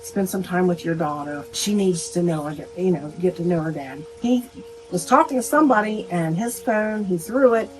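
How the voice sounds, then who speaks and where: A woman's voice: fairly low pitch, normal speed, faint music behind, poor audio. A middle-aged woman, the mother of a murder victim, plainspoken as she recounts family conversations in an interview, quoting what each person said. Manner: plainspoken, retells conversations with quoted speech.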